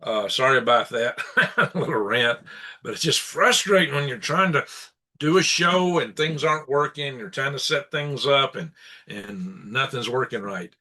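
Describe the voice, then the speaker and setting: A man hosting his own live stream, his voice bright and forward. He talks in a loose, rambling way, venting his aggravation between small chuckles. It sounds like casual, off-the-cuff commentary into a computer setup. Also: medium pitch, lively intonation, normal speed. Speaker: live-stream show host. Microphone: computer setup for live broadcast.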